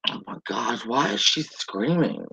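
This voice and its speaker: A middle-aged woman hosting a casual live stream, chatting warmly and greeting viewers by name. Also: extremely low pitch, very animated, unhurried, creaky, background noise. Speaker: livestream host. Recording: dull lo-fi stream audio.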